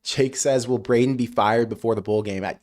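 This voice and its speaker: A man hosting a live college football stream, reading viewer comments aloud and answering with animated rants. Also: medium pitch, brisk. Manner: ranting, animated outbursts; frequent "I don't know" hedging. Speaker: college football show host.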